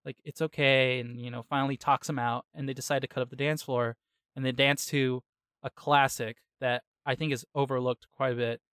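Smooth-voiced man recapping casually. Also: medium pitch, no room sound, clean studio sound. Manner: lively retelling, slangy, with quick asides. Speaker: podcast host. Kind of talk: casual chat, episode recap.

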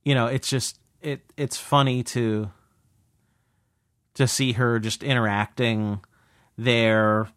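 A man co-hosting a podcast in casual, halting chat, repeating words as he goes. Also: medium pitch, fairly even intonation, a bit bright, dry recording, studio quality. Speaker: podcast co-host.

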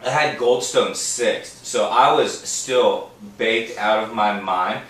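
Young male podcast co-host, crisp bright tone, profane teasing banter, heard from across an echoey room. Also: lowish voice, slow, far from the mic. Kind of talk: casual chat. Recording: echoey room, away from the mic.

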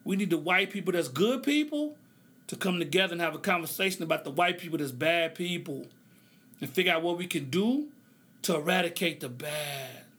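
A man's voice: fairly high pitch, animated, fairly bright tone, slightly rough. A man hosting a solo podcast, speaking, passionate and preacher-like, loose and joking at times. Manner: impassioned, preaching cadence, drawn-out phrases; loose, joking, laughs often. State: emotional, tearing up. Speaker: podcast host.

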